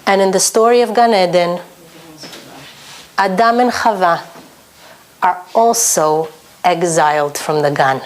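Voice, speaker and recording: A woman's voice: lowish voice, unhurried, pauses often. A woman teaching a Torah lesson for women, earnest and emphatic, her talk full of Hebrew terms.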